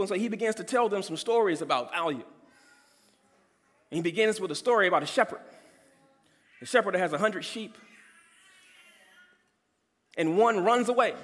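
A man preaching with a high voice, pressing his points hard as he swings between ringing cries and hushed, intimate lines. His sermon carries through a large hall, trailing a long echo behind every phrase. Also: lively intonation, fairly quick, pauses often. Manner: emphatic preacher, swings from loud to soft. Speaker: pastor.

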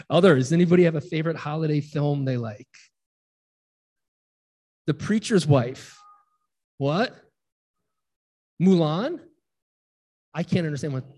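A man in his forties, a pastor giving a relaxed, chatty sermon and joking with his congregation. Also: on the high side, slow pace, pauses often. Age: 40s. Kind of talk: informal sermon with congregation banter.

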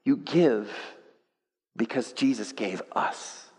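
Guy pastor preaching, goes quiet then gets loud and animated, jokes at himself, big echoey church hall. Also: medium pitch, takes it slowly, breathy edge. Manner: self-deprecating humor. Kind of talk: sermon.

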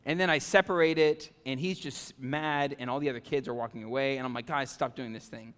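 A male pastor preaching a conversational sermon, animated, with frequent "okay?" and "right?" asides to the congregation. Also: mid-range voice, a little fast, clean tone, in a large hall. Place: church sanctuary.

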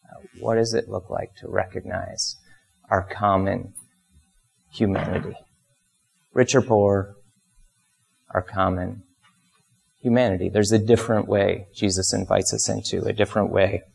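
A pastor giving a conversational sermon, telling stories and briefly acting out the people in them. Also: male voice, flat delivery, unhurried, creaky, long pauses, darkish tone, breathy edge. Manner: conversational storytelling, acts out voices with big pitch jumps.

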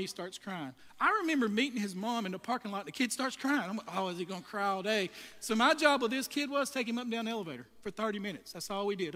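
A man's voice: sits high, pushed and bright. A male pastor preaching to church volunteers, telling funny, folksy stories with emphatic delivery. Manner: humorous storytelling, folksy and emphatic. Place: church sanctuary. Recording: long hall reverb.

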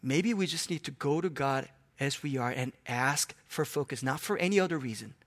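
A man preaching a sermon, swinging between hushed tones and loud, animated exclamations. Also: fairly high pitch, moderate pace.

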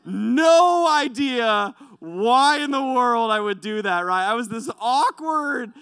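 A young man preaching a sermon, telling animated, self-deprecating stories. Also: very high voice, slow, clean tone, dry recording. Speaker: pastor.

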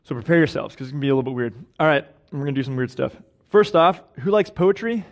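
A man's voice: mid-range voice, expressive, fast talker. Chatty, self-mocking young male preacher. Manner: chatty and self-deprecating, laughing at his own stories. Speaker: guest preacher. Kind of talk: casual conversational sermon. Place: church sanctuary.

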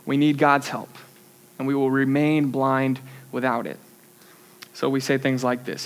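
A man's voice: medium pitch, flat delivery, a little slow. A young man preaching a sermon, telling a story animatedly and laughing at himself. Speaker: youth pastor.

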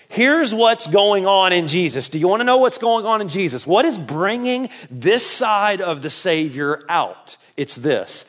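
Emphatic high-voiced Southern preacher man. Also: animated, a little slow, hardly any pauses. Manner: emphatic, jokey, swings between loud and soft. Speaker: pastor. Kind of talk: sermon.

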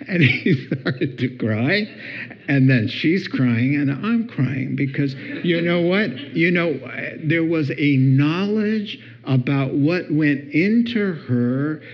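A man preaching a sermon as a pastor, playful and deliberate, acting out what spouses say. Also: a little high, lively intonation. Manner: playful, acts out spouses' words with laughter. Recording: dull lo-fi sound.

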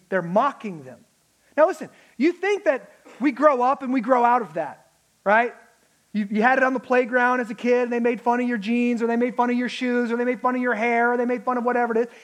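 A man preaching a sermon, animated, acting out the mocking voices of enemies. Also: extremely high pitch. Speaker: pastor.

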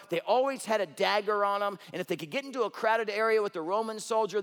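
A man preaching a sermon, telling stories with rhetorical questions and swinging from loud to hushed. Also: high voice, in a large hall. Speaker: pastor.

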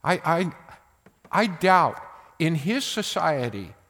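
A man's voice: on the high side, sing-song, slow pace. Older male pastor preaching in a hall. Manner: emphatic, swinging between loud bursts and hushed asides. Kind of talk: sermon.

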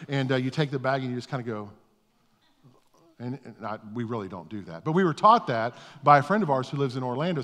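A man's voice: medium pitch, fairly bright tone. A middle-aged male pastor giving a conversational, self-deprecating sermon, often repeating his words as he starts a thought. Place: church sanctuary. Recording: long reverb of a church hall.

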